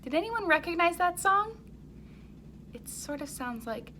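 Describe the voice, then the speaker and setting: A woman's voice: very high voice, very animated, slight background noise. A woman teaching a music lesson to young children, leading them in chants and songs with plenty of encouragement. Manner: warm encouraging, slow and clear, sings and chants along.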